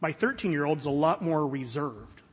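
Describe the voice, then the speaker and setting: A man's voice: on the high side, lively intonation, normal speed, breathy edge. A middle-aged man from Florida preaching a sermon, earnest and conversational with touches of humor. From Florida, USA. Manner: conversational, earnest, with light self-deprecating humor. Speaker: pastor. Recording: long hall reverb.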